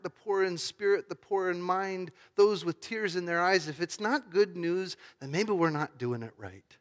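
A male pastor giving a sermon in a conversational storytelling manner, swinging between loud emphasis and hushed, quiet tones. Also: high-pitched, long reverb tail.

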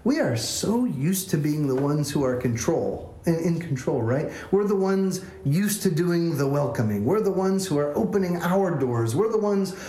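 A man's voice: on the high side, big pitch swings, normal speed, few pauses, dark tone. A man, a pastor, telling a self-deprecating story as a sermon in a church. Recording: echoey church room.

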